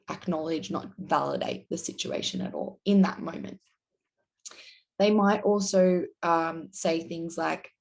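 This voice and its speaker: Earnest woman giving casual advice. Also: lowish voice. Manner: earnest, explains with acted example lines. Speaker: YouTube host.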